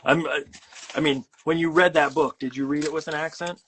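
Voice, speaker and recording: A slightly high, steady voice, brisk and fairly bright, belongs to a middle-aged man hosting a relaxed art-making chat. He rambles, mocks himself, and uses lots of fillers and restarts; there's a little hiss or hum in the audio.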